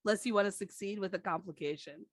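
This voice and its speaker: A woman narrating a tabletop role-playing game as game master, chatty and unhurried, with lots of fillers. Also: mid-range voice, dry recording.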